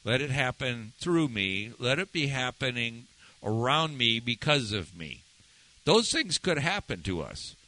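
A man delivers a sermon like a conversation, often turning to his listeners with questions. His voice is very bright and forward, and his pitch swings widely for emphasis. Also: big pitch swings, a little slow, low-quality recording. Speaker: pastor.

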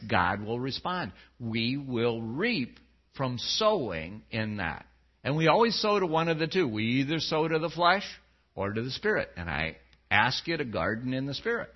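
Animated man preaching a sermon. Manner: animated, swings between loud pleading and low quiet tones. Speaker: pastor. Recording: dull lo-fi sound.

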